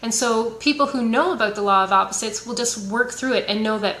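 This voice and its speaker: Give me a woman wellness coach with a bright, slightly high voice, talking earnestly and casually. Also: moderate pace, few pauses. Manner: earnest, chatty, frequent restarts. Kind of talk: casual motivational talk. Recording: echoey room.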